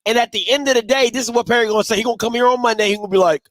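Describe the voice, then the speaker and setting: High-voiced trash-talking man hosting a show. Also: steady tone, a bit bright, no room sound. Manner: playful trash-talking, repeats himself, drawn-out emphasis. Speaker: sports show host. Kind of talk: casual live postgame commentary. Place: home, green screen behind him.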